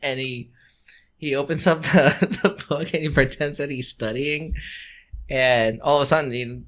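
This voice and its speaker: A man's voice: medium pitch, steady tone, measured pace, a bit bright. A man co-hosting a podcast, telling a story in casual chat, swearing freely, laughing, and acting out the people he quotes. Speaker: podcast co-host.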